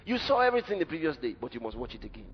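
Animated preacher, high and lively. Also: male voice, rapid-fire. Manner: emphatic, dramatic preaching. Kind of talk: sermon. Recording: dull echoey hall recording with faint music.

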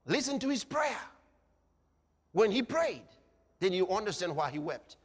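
A male preacher delivering a sermon, dramatic, swinging between hushed passages and shouted ones. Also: sits high, sing-song, a little slow, breathy edge. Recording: reverberant hall.

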